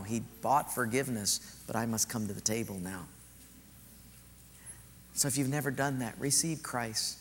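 A man, a pastor, giving a sermon, soft and earnest, telling stories. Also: mid-range voice, big-room sound, slight background noise.

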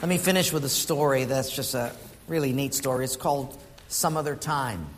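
A man's voice: mid-range voice, normal speed, big-room sound, a crowd in the background, noisy background. A man preaching a sermon in a conversational way and putting questions to the congregation. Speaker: pastor.

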